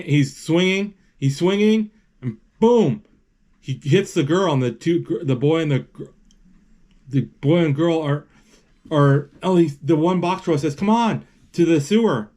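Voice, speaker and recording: A man narrating a movie as he watches it, halting and correcting himself, with sudden excited exclamations. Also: on the high side.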